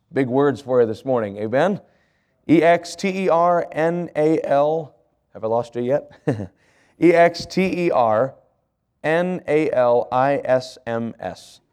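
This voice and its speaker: Preaching man, slightly high voice. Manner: spells out words letter by letter, asks congregation questions; slows to stress key phrases, rises in passion. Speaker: pastor. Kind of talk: sermon with fill-in handout.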